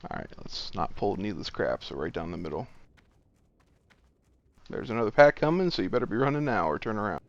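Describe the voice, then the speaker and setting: A man's voice: fairly low pitch, very animated, brisk, creaky, long pauses. A man leading an online game raid over voice chat, calling out loot bids and directions in a matter-of-fact way. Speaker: raid leader running loot auction. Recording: dull lo-fi voice chat audio.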